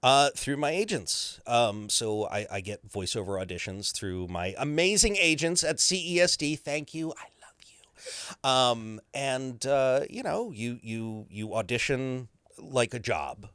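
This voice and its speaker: Male voice actor, animated interview guest, very expressive pitch, dry close mic. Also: unhurried, smooth, dry recording. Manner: lively, breaks into character voices and laughs.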